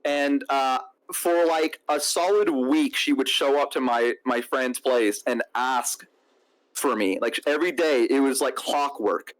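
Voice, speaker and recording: A man's voice: mid-range voice, a little slow. A young man chats on a stream, telling a long story. He acts out the other people in it as he goes, and his mic sounds crunchy and lo-fi. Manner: animated storytelling, acts out quotes. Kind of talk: casual storytelling.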